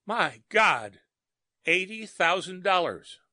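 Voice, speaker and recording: A man doing a croaking, ruined traveler. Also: high voice, big pitch swings, pushed and bright, dry recording, clean studio sound, voice pushed up, heavily acted. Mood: frantic. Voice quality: harsh, croaking, lifeless voice. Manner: despairing, dull and slow. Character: ruined, stunned middle-aged male traveler.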